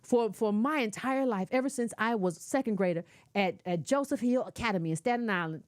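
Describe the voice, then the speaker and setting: A woman's voice: mid-range voice, a little fast, a little mellow, no room sound, clean studio sound. A middle-aged woman giving casual, opinionated commentary, lecturing emphatically and talking in a colloquial way. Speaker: commentator reacting to clips.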